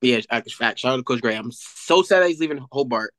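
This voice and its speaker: A young man, an athlete guest, telling a story in an animated casual way with many fillers. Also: mid-range voice, fairly quick, rough recording.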